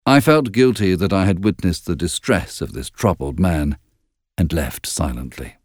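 A man narrating an audiobook in an expressive, measured storytelling manner. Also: low voice, no echo, studio quality.

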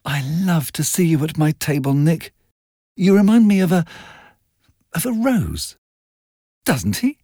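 A man reading a storybook aloud, voicing a flighty, dramatic young woman in a high, gushing voice. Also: sing-song, a little slow, long pauses, mellow, no room sound, clean studio sound, heavily acted.

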